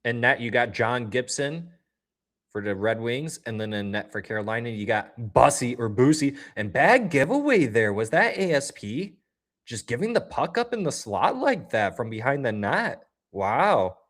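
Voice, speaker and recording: A man's voice: mid-range voice, big pitch swings, normal speed, a bit bright. A man hosting a livestream, giving casual play-by-play reactions and talking straight to his chat viewers in a chatty, upbeat way. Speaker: livestream host. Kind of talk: casual live game watch-along commentary.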